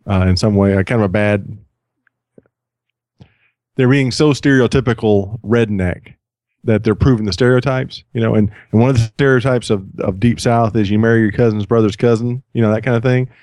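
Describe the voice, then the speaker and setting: A man's voice: lowish voice, brisk, a little mellow, dry recording. A man co-hosting a casual podcast, giving wry, dry commentary on odd news stories. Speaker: podcast co-host. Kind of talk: casual chat.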